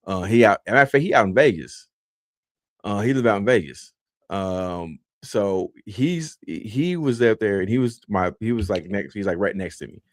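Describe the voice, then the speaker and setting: Male podcast host, low and dry, laid-back rambling storyteller. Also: lively intonation, normal speed, no echo. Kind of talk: casual storytelling.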